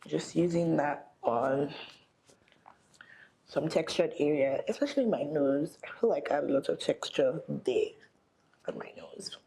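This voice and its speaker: Casting: young woman, low voice, chatty get-ready-with-me makeup vlogger. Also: a little slow, gravelly, warm tone, low-quality recording. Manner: chatty, thinking aloud while applying makeup. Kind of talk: casual get-ready-with-me chat.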